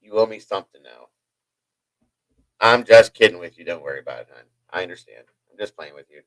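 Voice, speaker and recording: Male livestream host, lowish voice, dry close sound; hyper, rambling storyteller who keeps chatting to viewers. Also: animated, fairly quick, dry recording, low-quality recording. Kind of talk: casual storytelling to a live chat.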